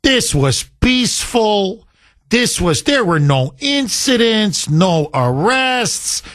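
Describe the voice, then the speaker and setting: Slow-paced yet very animated, a male radio host's high, somewhat bright voice comes through a dry, clean studio recording. His opinionated talk radio monologue, punctuated by listener calls, is emphatic and sarcastic, and he mocks opponents by putting on sing-song voices.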